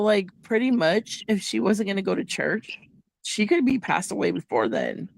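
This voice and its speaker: A host with a fairly low, gravelly, creaky voice tells a personal story in a casual chat, animated and slipping into the voices of people she quotes. The recording is dry and close, with no room sound or echo.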